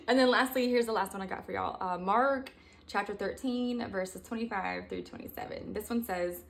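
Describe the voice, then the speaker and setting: A young woman giving a casual faith testimony, reading scripture slowly with emphasis and breaking into excited exclamations. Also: on the high side, gravelly. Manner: excited and exclamatory, often says y'all and come on. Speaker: Christian video testimony speaker.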